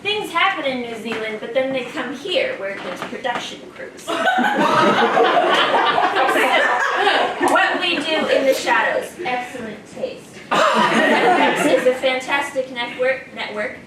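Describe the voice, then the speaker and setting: A woman's voice: high-pitched, animated, measured pace, distant mic, over a noisy crowd. A woman doing improvised comedy as a contestant, delivering jokes in a matter-of-fact way. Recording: noisy, echoey room from afar.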